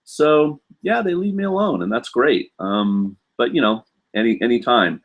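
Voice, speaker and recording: A man's voice: mid-range voice, animated, moderate pace, lo-fi sound. A man hosting a live question-and-answer stream, talking casually with lots of ums and restarts while he reads comments. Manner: rambling, filler-heavy, chatty. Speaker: host.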